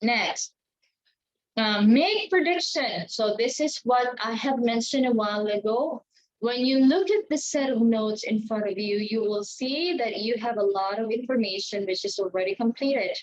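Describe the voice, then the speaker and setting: Slow, deliberate woman teaching test tips. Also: fairly high pitch. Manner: slow, deliberate, checks in with "okay" and "right". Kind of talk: exam tips lesson. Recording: dull lo-fi sound.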